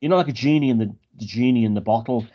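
A man's voice: mid-range voice, rapid-fire. Irish man telling stories, lo-fi sound. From Ireland. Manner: relaxed storytelling, slips into quoted dialogue. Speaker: guest. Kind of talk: casual conversation.

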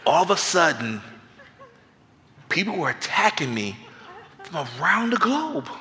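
Animated man preaching in a reverberant church. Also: on the high side, unhurried, slight background noise. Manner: animated, self-mocking, conversational. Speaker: guest pastor. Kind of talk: sermon with comic storytelling. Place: church sanctuary.

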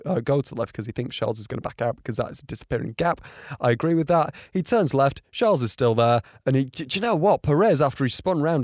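A man giving casual reaction commentary on race highlights, rambling with frequent ums and getting indignant. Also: a little mellow, no room sound, clean studio sound. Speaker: motorsport commentator.

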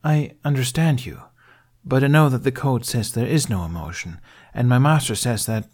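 A man's voice: medium pitch, normal speed, darkish tone, husky, voice pushed up, lightly acted. A man doing a resentful, hurting young male apprentice, voice lifted and strained, storybook reading. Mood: uncertain. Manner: sulky, pleading, voice rising when upset.

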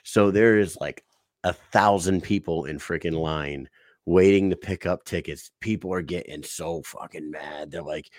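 Podcast host, male, lowish voice, swears freely, animated storyteller, dry close recording. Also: fairly quick, dry recording. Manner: profane, excitable storytelling. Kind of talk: casual storytelling chat.

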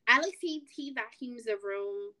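A woman's voice: fairly high pitch, unhurried. Casual young woman podcast co-host. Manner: animated storytelling, acts out quotes. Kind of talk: casual chat.

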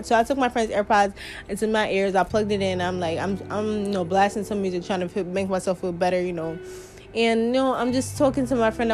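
Chatty young woman rambling. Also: medium pitch. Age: young adult. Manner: rambling and chatty, swearing and laughing often. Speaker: podcast host. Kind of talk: casual monologue.

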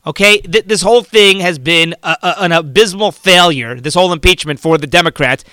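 A man's voice: sits high, fairly quick, bright, forceful tone, clean tone, no room sound. A man hosting a political talk show, giving fervent, rambling commentary and often repeating and restarting his words.

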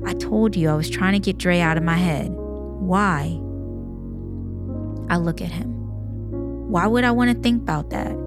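A woman's voice: fairly low pitch, unhurried, pauses often, over music, close to an everyday voice. A woman reading the lines of a grieving teenage boy who answers defensively. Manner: defensive, clipped. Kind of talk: audiobook-style reading.

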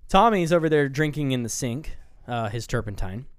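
A man co-hosting a casual film review podcast, walking through scenes in a loose, rambling way and swearing freely. His voice sits at an ordinary middle pitch. The sound is close and dry, with no room around it. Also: lively intonation, moderate pace, clear, resonant tone, no room sound. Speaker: podcast co-host.

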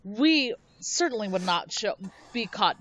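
A woman's voice: mid-range voice, lively intonation, measured pace, a bit bright, highs cut off. A woman voicing a haughty, theatrical stylist who speaks with a flourish.

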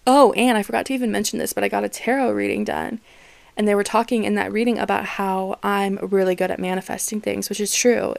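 Young female podcast host, frank and swearing, gravelly voice, dry close-miked. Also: medium pitch, dry recording. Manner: candid, swears freely, laughs often. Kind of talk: casual solo podcast chat.

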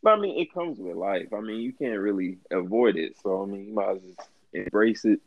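A man in casual chat with friends, laid-back and quick to laugh. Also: lowish voice, expressive, no room sound, muffled recording.

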